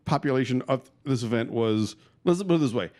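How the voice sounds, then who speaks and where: A man's voice: mid-range voice, animated, a little fast, a little mellow. A man co-hosting a podcast in casual chat, eager to jump in with his own story. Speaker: podcast co-host.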